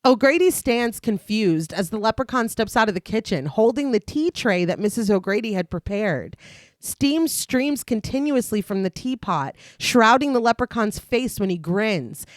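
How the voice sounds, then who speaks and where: A lively woman podcast host with a voice that swings up and down, chatting and reading a film recap aloud. She laughs easily. The recording is dry and close on the mic. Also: mid-range voice, normal speed, no room sound. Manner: animated, laughs often. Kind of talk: casual chat and read-aloud film recap.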